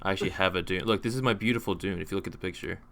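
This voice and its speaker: A man running a tabletop game as game master, easygoing and quick to laugh. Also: deep voice, vocal fry, a bit bright. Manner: easygoing, laughs often, stumbles when flustered.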